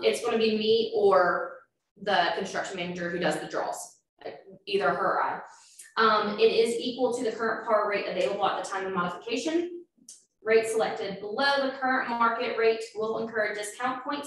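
A woman's voice: medium pitch, moderate pace, fairly bright tone. Woman, loan officer presenting, casual and explanatory; distant, roomy recording. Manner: explanatory, filler-heavy. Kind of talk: informal presentation. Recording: echoey room, far from mic, faint noise.

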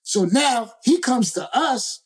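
A male rapper as a guest, telling a story in a lively, slangy, profane way and acting out other people's lines. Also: very high voice, slow pace, breathy edge. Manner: slangy, profane, acts out quoted voices. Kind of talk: animated storytelling.

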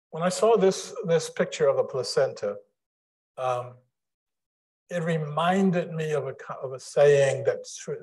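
A man giving a public lecture to a live audience in a room, speaking deliberately with frequent restarts. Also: medium pitch, husky, poor audio. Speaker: guest lecturer.

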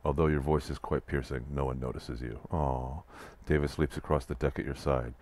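A man with an extremely low, deep voice reads the passages of a text adventure aloud in an even way. Between passages he drops into dry, wry comments about what is going on. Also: normal speed. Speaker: let's play player reading text aloud. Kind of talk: reading interactive fiction aloud with asides.

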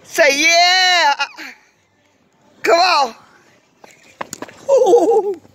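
A woman's voice: very high-pitched, expressive, very slow, a bit bright, a little hiss or hum. An older woman, a grandmother, cheering on and teasing children during a casual game, playful and encouraging. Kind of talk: casual family play.

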